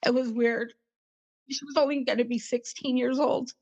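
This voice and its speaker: A woman's voice: high-pitched, fairly even intonation, moderate pace, vocal fry, darkish tone. Woman in her fifties, lo-fi recording. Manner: rambling, jumps between memories. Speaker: interview guest. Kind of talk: emotional personal recollection.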